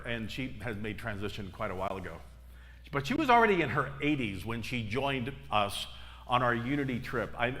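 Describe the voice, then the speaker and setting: A middle-aged minister with a medium-pitched, slightly bright voice preaches in a church sanctuary. He tells stories and drives them home with repeated, emphatic phrases, the sound echoing around the hall.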